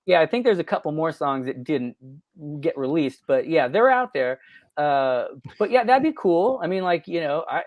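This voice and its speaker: A man's voice: a little high, big pitch swings, normal speed, no room sound, muffled recording. A man in his forties, a record producer guest on a podcast, telling stories in a rambling way full of fillers and self-corrections. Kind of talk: casual interview storytelling.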